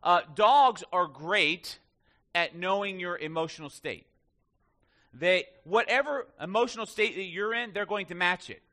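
A man's voice: sits high, measured pace, sharp tone. A male pastor giving a conversational sermon in church, joking with the congregation.

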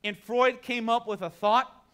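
A man preaching a sermon in a high, bright voice. He is emphatic and speaks directly to the congregation, moving between hushed, conversational asides and loud declarations. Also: fairly even intonation, unhurried. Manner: conversational, talks straight to the congregation. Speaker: pastor.

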